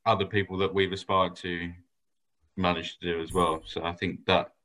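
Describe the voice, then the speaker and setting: Deep-voiced man in his twenties. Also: level tone, moderate pace, low-quality recording. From England. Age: 20s. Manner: thoughtful, hesitant, soft-spoken. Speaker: band member. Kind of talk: casual interview chat.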